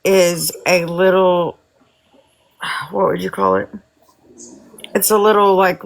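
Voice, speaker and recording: A woman's voice: lowish voice, low-quality recording. Earnest reassuring woman caller. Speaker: caller on a live stream. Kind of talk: live-stream chat.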